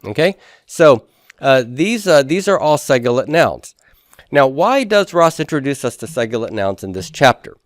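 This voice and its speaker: A man's voice: medium pitch, very animated, normal speed, dry recording, studio quality. A man teaching a lecture, explaining step by step and asking and answering his own questions. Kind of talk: classroom lecture.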